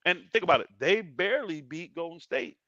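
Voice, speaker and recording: Lively, bright-voiced storytelling man. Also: fairly high pitch, brisk. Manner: animated storyteller, acts out others' lines. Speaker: co-host. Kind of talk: casual sports chat. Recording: dull lo-fi sound.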